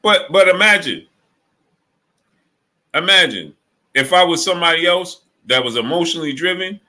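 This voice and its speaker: A man talks to his live-stream audience in a bright, forceful voice with speech. He tells stories with energy, acting out what his friend said, then greets viewers in the chat one by one. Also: on the high side, moderate pace. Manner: animated storytelling, acts out friend's quotes. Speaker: sports channel host.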